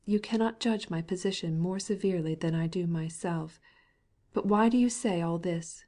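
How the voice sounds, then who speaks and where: A woman's voice: lowish voice, normal speed, mellow, natural voice. A woman reading a desperate young wife who pleads through tears. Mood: sorrowful. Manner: pleading, tearful.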